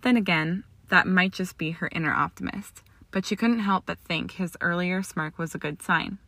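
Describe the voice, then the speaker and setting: A woman narrating a story aloud, reading in a steady, measured way. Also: fairly low pitch, no room sound. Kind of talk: audiobook narration of fan fiction.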